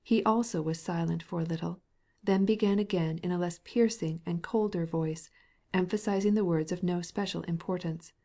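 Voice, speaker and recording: Low, mellow woman narrating a novel. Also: steady tone, normal speed. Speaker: audiobook narrator. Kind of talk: scripted narration of a classic novel.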